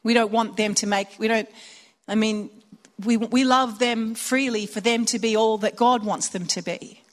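A woman giving an informal sermon to mothers, chatty and animated, telling stories with acted-out dialogue. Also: on the high side, moderate pace. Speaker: speaker at a Christian women's or mothers' gathering. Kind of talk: informal sermon with personal anecdotes.

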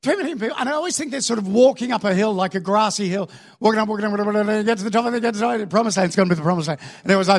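A middle-aged male preacher giving a sermon with animated comic storytelling, acting out crowds and shouting, then dropping to soft earnest tones. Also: high-pitched, racing.

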